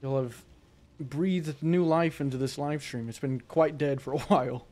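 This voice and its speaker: A man's voice: on the high side, normal speed. A man hosting a livestream, calling out plays and joking casually with friends and viewers. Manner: excited, urgent callouts during play; laid-back, joking with chat between rounds. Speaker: livestream host playing a game. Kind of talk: casual gaming chat.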